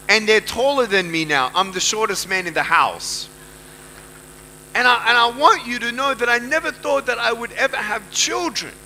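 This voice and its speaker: A man with an Australian accent delivers an emphatic motivational talk to an audience, repeating key lines and acting out what others said. His voice sits high and sounds very bright and forceful. A faint electrical hum runs under the recording. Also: poor audio. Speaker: motivational speaker. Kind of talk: motivational speech to a live audience.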